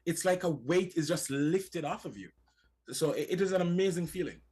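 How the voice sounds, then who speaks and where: A man's voice: fairly high pitch, lively intonation, normal speed, darkish tone, husky. Earnest Jamaican man telling his story. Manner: earnest storytelling, repeats words when starting. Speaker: guest. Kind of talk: casual talk-show conversation.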